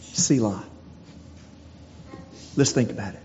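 A man preaching a sermon, earnest and full of rhetorical questions, dropping to quiet, slow lines for emphasis. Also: fairly low pitch, soft background music. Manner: earnest, rhetorical questions, slows and drops to near-whisper for emphasis. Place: church sanctuary. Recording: dull recording with long hall reverb and faint noise.

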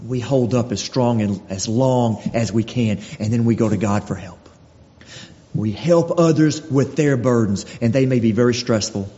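A man's voice: medium pitch, moderate pace, mellow. A man preaching a sermon, earnest, repeating phrases and restarting his sentences as he goes. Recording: dull lo-fi recording in a reverberant hall.

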